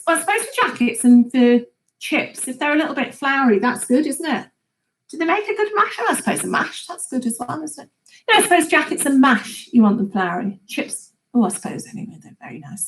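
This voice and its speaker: A woman's voice: high-pitched, a bit bright, slight background noise, rough recording. A woman hosting a gardening live chat, chatting casually and laughing often as she reads viewer comments aloud.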